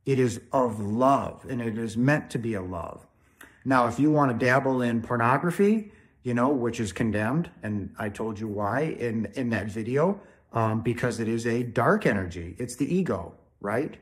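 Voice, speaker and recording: A man's voice: medium pitch, animated, moderate pace. A man hosting his own spiritual video, talking in an emphatic, preachy way and often checking in with "right?". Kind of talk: informal spiritual talk to camera.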